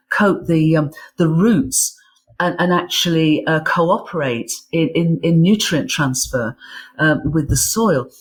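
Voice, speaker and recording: A woman being interviewed as an author, explaining science with enthusiasm and often repeating words as she builds her thoughts. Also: low voice. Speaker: guest author and physicist. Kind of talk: interview conversation.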